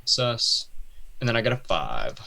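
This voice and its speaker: A young man playing a tabletop game, answering in a dry, deadpan way. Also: lowish voice, normal speed, vocal fry, noisy background. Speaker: player.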